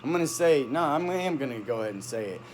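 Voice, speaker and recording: A man telling his own story into a phone in a halting, heated monologue, full of restarts and trailing off. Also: medium pitch, expressive, a little mellow, soft background music. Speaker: vlogger recounting a personal dispute. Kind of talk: unscripted personal monologue.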